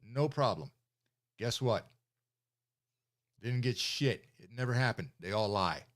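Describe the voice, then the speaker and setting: Older male veteran livestreamer, loose and rambling, swears freely, mid-pitched voice. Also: a little slow, fairly bright tone. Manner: rambling, profane, many fillers and restarts. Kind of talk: casual storytelling on a livestream.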